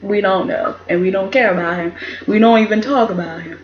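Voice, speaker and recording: A woman with a medium-pitched voice talks fairly quickly over lo-fi audio, giving a casual, chatty review of a soap opera episode. Opinionated throughout, she frequently performs the characters' quotes in different voices.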